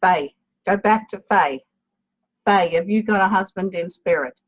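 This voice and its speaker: A woman's voice: medium pitch, measured pace, slightly rough. Chatty woman medium, lo-fi audio. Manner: chatty, calls viewers darling and babe; greets viewers by name mid-sentence. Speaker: psychic medium. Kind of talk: live online reading. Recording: lo-fi dull stream audio.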